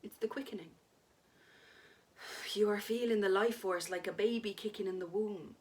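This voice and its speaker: A woman voicing a dead husband who speaks calmly and patiently to his frightened wife. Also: medium pitch, normal speed, close to an everyday voice. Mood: soothing. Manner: soothing, patient. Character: calm ghostly husband, gentle and soothing. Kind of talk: dramatic story reading.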